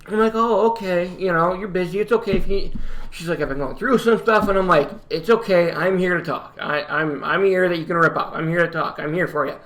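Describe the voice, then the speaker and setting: A young man from upstate New York telling a personal story in a casual vlog, rambling and halting with many fillers and restarts. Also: high-pitched, a bit bright. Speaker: YouTuber.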